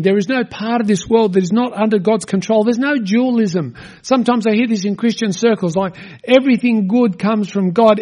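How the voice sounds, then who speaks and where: A middle-aged pastor preaching a sermon in an earnest, conversational way, asking his listeners questions. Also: high voice.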